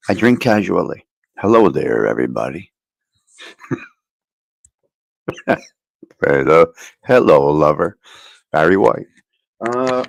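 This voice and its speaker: A man's voice: medium pitch, creaky, rough recording. A man hosts a loose morning livestream, greeting viewers by name and cracking jokes as he goes. His voice sounds a little worn after a long night. He talks into a cheap handheld mic that he shifts closer to and farther from his mouth. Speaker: livestream host. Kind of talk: casual live chat reading viewer comments. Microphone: cheap handheld mic moved near and far.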